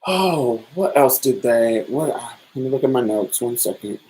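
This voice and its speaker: A podcast host speaking in a casual, loose monologue, telling personal stories in a candid, colloquial way. The voice sits at an ordinary middle pitch, and the delivery comes across as relaxed and off the cuff. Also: measured pace, slight background noise, low-quality recording.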